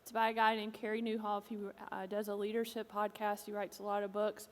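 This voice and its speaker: A woman speaking as a pastor's wife to a congregation in a church auditorium. She is soft-spoken and reflective. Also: medium pitch, monotone, brisk. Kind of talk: stage conversation to a congregation. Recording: long hall reverb.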